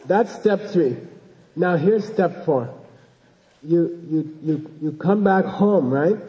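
A man's voice: a little high, takes it slowly, dark tone, long reverb tail, poor audio. A man giving an informal dharma talk as a Buddhist teacher, rambling and joking and often checking in with his listeners.

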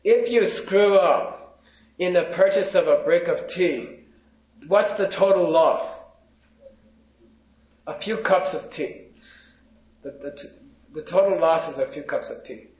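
A man teaching a class on Buddhism, reading out Tibetan lines slowly and then explaining them in casual, joking English to his students. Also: high voice, darkish tone. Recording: echoey, dull lo-fi room recording.

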